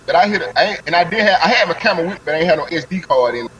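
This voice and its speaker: A man, a guest on a live stream, telling an excited fishing story in heavy slang. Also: on the high side, racing, lo-fi sound, a little hiss or hum. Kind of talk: animated fishing story, casual chat.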